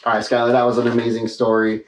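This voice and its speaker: A man's voice: medium pitch, completely flat delivery, fast talker, distant mic, slight background noise. A man hosting a podcast, asking questions casually and giving short encouraging replies. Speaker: podcast host. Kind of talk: casual interview chat. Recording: roomy echo.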